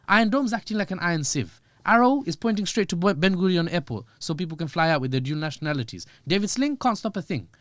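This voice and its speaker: A man, a podcast guest giving animated, joking analysis with quick asides. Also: sits high, dry recording, clean studio sound. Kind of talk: podcast discussion.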